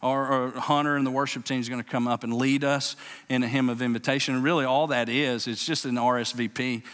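A man's voice: mid-range voice, steady tone, fairly quick, a bit bright. A male pastor preaching a sermon, emphatic and given to repeating and restarting his words, in a church sanctuary. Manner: emphatic, repeats words, keeps saying "watch this". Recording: long reverb of a large sanctuary.

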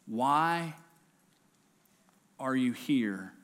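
A man preaching a sermon, with stammering restarts and quiet, hushed passages that build up to shouted exhortation. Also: mid-range voice, animated, very slow. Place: large church sanctuary. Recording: long hall reverb.

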